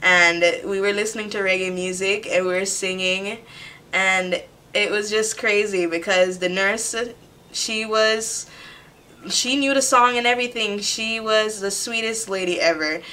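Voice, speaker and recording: Chatty young woman with a bright voice. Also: mid-range voice, measured pace. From Jamaica. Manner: chatty, animated retelling with quoted voices. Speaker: vlogger. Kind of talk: casual storytelling to camera. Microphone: camera mic.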